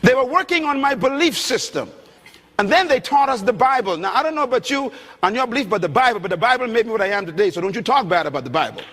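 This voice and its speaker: A middle-aged man preaching a sermon from the Bahamas, emphatic, swinging between loud and soft passages. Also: extremely high pitch, animated, fast talker, slight background noise. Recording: long hall reverb.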